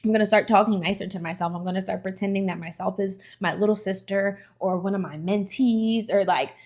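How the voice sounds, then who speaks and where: A young woman talks straight to her viewers in a motivational vlog. Her voice sits in an ordinary middle range, and her delivery is animated and emphatic. Her phrasing stays loose and casual throughout. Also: mid-range voice, brisk. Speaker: vlogger. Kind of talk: motivational vlog talk to the camera.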